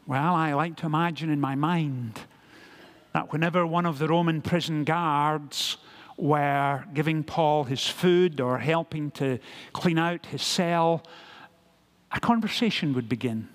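Male pastor giving a sermon, slow and deliberate, lots of rhetorical questions, highish voice.

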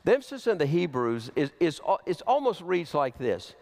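A man preaching a sermon as pastor, slow and emphatic, with big swings in pitch. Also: big pitch swings, vocal fry, darkish tone. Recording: long hall reverb.

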